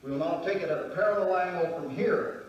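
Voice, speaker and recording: Guy teaching a martial arts demo, fairly high voice, way echoey, kinda far from the mic. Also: dull audio, a little hiss or hum. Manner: measured, step-by-step explaining, counting out moves. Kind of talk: demonstration lesson.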